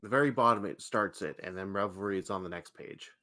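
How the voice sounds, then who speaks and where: A man's voice: deep voice, fast, pushed and bright. A man running a tabletop game as game master, steadily explaining rules and page numbers.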